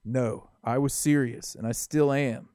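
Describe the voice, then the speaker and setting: A man's voice: mid-range voice, fairly even intonation, measured pace, a little mellow, dry recording, studio quality. A man co-hosting a podcast, chatting casually and enthusiastically about football, laughing often. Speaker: podcast co-host. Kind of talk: casual sports chat.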